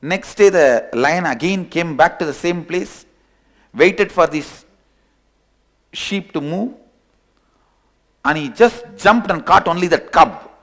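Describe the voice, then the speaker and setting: A man telling a parable during a spiritual discourse. His voice is gravelly and sits a little high, and he speaks slowly. He repeats his phrases and chuckles at his own jokes. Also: a bit bright. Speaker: spiritual teacher.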